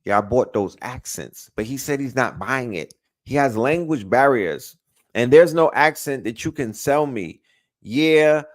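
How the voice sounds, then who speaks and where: A man giving an excitable live reaction to a new rap track, repeating lyrics and bursting out in slangy commentary. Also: mid-range voice, a little slow. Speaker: music reaction streamer.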